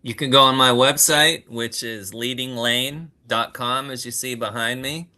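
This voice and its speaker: A man who is a school administrator guest, giving his contact details in a slow, matter-of-fact way. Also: medium pitch, fairly even intonation, pushed and bright. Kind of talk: casual panel talk.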